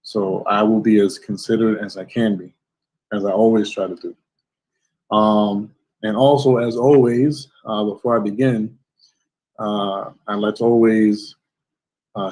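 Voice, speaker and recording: Low-voiced effusive male stream host. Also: a little mellow, rough recording. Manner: effusive, thankful, blessing-heavy. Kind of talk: livestream interview intro. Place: home setup in Florida.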